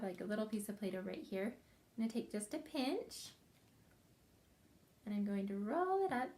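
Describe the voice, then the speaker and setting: A woman teaching a preschool craft lesson, speaking slowly, gently and encouragingly to young children as they follow along. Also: fairly high pitch.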